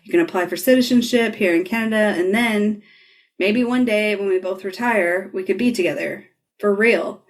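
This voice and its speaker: A woman's voice: medium pitch, normal speed. A woman hosting a podcast, retelling a scene in casual talk, laughing often and swearing freely. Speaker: podcast host.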